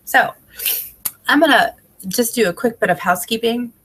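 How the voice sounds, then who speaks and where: A woman's voice: a little high, moderate pace, fairly bright tone, slight background noise. A woman in her thirties talks straight into a webcam, chatty and upbeat, running a casual team training. Her voice is stuffy and congested from a head cold, and she keeps her energy up anyway. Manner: chatty and upbeat, many fillers. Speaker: direct sales team trainer. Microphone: webcam video call.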